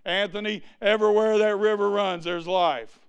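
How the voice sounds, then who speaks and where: A man preaching a sermon in a church, swinging from quiet asides to loud, lifted preaching. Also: sits high, fairly even intonation, moderate pace, smooth, dull audio.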